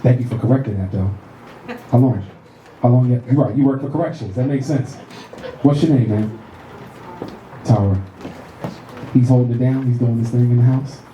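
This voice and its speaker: A middle-aged man doing stand-up comedy, telling animated profane stories and working the crowd on a club stage. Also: mid-range voice, moderate pace, pauses often, muffled recording, slight background noise. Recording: roomy club with audience laughter.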